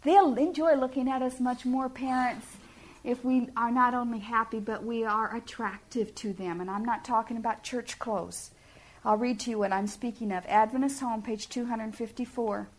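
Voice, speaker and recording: A woman's voice: a little high, fairly even intonation, moderate pace. A middle-aged woman giving a sermon-style talk to parents, earnest and homey, often putting questions to her listeners. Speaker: speaker at a family ministry talk.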